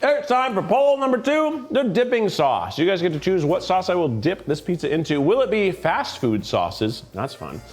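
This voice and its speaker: A man from Tennessee hosts a tasting session in an office, his voice sitting a bit high with very lively swings of pitch. He jokes around and reacts playfully to every bite. Faint music plays in the background. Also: moderate pace, few pauses. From Tennessee, USA. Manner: playful, joking, animated reactions. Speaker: host. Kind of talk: food tasting commentary.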